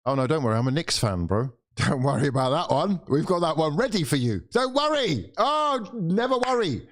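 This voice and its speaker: A man's voice: medium pitch, animated, quick pace. A man hosting a live football watchalong, reacting with sighs, swearing and mock despair while calling the play. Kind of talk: live match reaction and commentary.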